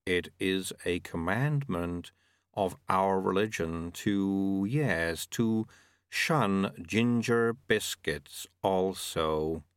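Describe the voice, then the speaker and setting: A man doing a halting, flustered male auditor. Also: deep voice, clear, resonant tone, no room sound, studio quality. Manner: halting, hesitant, groping for words.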